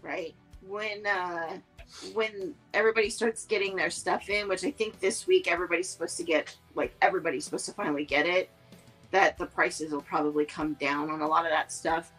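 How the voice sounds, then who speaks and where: A woman's voice: fairly low pitch, steady tone, fairly quick, fairly bright tone, faint music behind, rough recording. A woman co-hosting a casual podcast chat, rambling along with lots of fillers and restarts. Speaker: podcast co-host.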